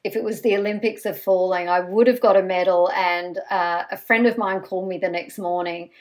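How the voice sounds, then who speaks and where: A woman guest on a podcast, telling stories in an animated, self-mocking way. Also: on the low side, fairly quick. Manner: lively, self-mocking storyteller.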